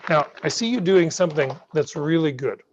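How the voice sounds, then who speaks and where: A middle-aged man teaching piano in an online masterclass, gentle, patient and encouraging, heard over a video call. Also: a little high, animated, moderate pace, slight background noise. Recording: muffled video call audio.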